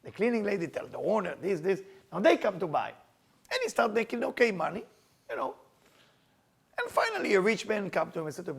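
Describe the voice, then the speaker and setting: Gravelly high-voiced storytelling teacher. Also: male voice, brisk, pauses often. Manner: animated storyteller, acting out characters' lines, non-native grammar. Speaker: Kabbalah teacher. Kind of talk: storytelling sermon.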